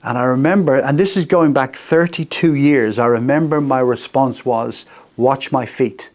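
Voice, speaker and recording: In a radio studio, a host in his sixties gives a faith talk in a mid-range, darkish voice at a moderate pace. He is earnest and personal, relying on short, repeated phrases.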